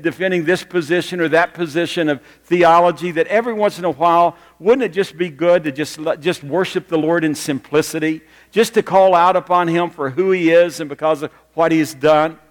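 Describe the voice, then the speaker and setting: A man's voice: on the high side, normal speed, hardly any pauses. A male pastor giving a sermon to a congregation, telling stories in a conversational way and asking them direct questions. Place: church sanctuary with a congregation. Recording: long reverb of a church hall.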